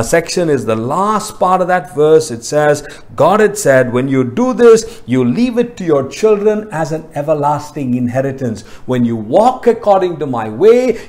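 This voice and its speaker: A man with an Indian English accent preaching a sermon as pastor, slowing and swelling his voice on prayer lines. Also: a little high, darkish tone.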